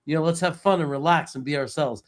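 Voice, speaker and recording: A man doing a deliberately bad Jamaican accent as a laid-back male bobsledder from a film, telling his team to relax and be themselves. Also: fairly high pitch, close to an everyday voice. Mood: easygoing. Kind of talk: impression within casual podcast chat.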